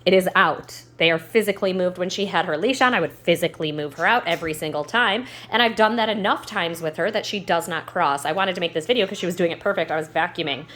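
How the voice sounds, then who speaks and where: Casting note: woman in her thirties, lowish voice, easygoing dog-training vlogger at home, rambles with fillers. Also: fast talker, few pauses, fairly bright tone. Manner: chatty, loose, with fillers and restarts; sweet high baby talk to the dogs. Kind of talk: casual instructional vlog. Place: in her home, walking between rooms.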